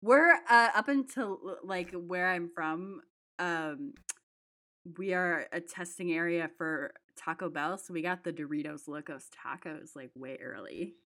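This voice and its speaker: A woman's voice: fairly low pitch, measured pace, bright, forceful tone. A woman as a podcast guest, chatting casually, blunt and crude, laughing often.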